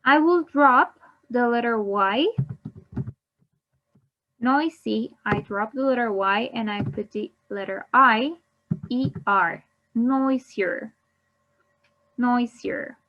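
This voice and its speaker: Woman english teacher, very slow and deliberate, bit high voice, dull lo-fi sound. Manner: repeats each word, then gives the Spanish. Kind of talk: slow bilingual grammar lesson.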